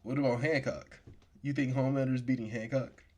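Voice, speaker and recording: Man, podcast co-host, casual chat, animated, slangy banter, middle pitch. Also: a little fast.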